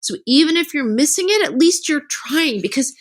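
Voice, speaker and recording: Middle-aged woman guesting on a podcast, fairly high voice, bounces all over when she tells stories. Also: moderate pace. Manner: animated storytelling, acts out quoted dialogue. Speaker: guest author. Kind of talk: casual podcast interview.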